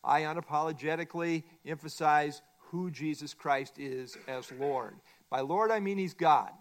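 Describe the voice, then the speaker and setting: This Bible teacher, a middle-aged man with a voice a little high for his sex, moves his class through a workbook one page at a time at a moderate pace. He stresses the central ideas hard and keeps repeating them.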